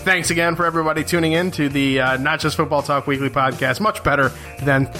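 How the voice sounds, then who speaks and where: A man's voice: fairly high pitch, fairly even intonation, fast talker, bright, forceful tone, faint music behind. A man co-hosting a podcast, chatting casually, rambling with false starts and casual swearing, into a microphone. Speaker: podcast co-host. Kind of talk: casual chat.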